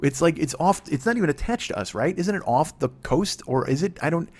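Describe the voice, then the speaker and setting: Fast rambling, profane man in his forties. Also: on the high side, animated, a little mellow, slightly rough. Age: 40s. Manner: rambling, profane, self-interrupting. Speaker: comedy podcast host. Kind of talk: solo comedic monologue.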